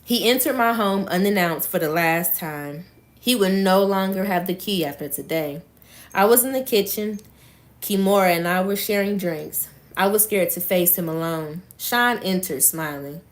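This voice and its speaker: A woman's voice: mid-range voice, normal speed. A woman reading a book aloud on a live stream, breaking off for blunt, profane, emphatic asides.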